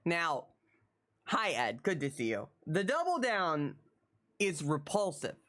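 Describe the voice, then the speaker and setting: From a home setup, a US live streamer chats with viewers, rambling, stammering and repeating phrases, and turns animated and laughs while teasing chat. The voice is mid-range and the pace unhurried.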